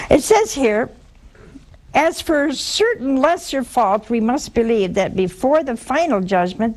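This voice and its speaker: Before a live audience, an older woman gives a spoken Catholic teaching in a folksy, animated way. She leaps to high, emphatic tones, then drops to a low hush.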